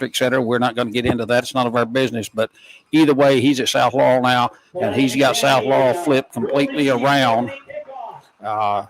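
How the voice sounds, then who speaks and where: A man calling a high school football game play by play, folksy and excitable. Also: low-quality recording. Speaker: play-by-play announcer.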